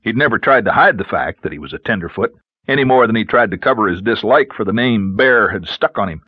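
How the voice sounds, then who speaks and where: Low, husky male audiobook narrator. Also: a little fast, dry recording, muffled recording. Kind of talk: scripted narration.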